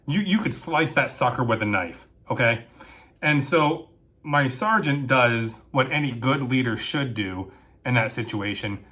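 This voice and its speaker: A young man telling a story about his time in the military, chatty and animated, tagging his sentences with quick asides. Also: medium pitch. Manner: animated, with frequent "right?" and "okay?" tags. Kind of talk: casual storytelling.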